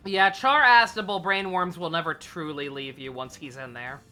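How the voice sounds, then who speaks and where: A woman streamer talks through her game in a loose, rambling way, swearing and filling gaps with "uh" and "like." Her voice sits low but has a bright, forward edge, and faint music plays behind her. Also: moderate pace. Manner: rambling and profane, with frequent fillers and laughs. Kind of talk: casual live gameplay commentary.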